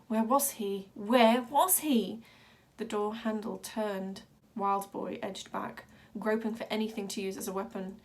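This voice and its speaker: A woman reads a storybook aloud at a middling pitch for a woman, telling it with steady drama. Her narration moves evenly between tense moments. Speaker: reader.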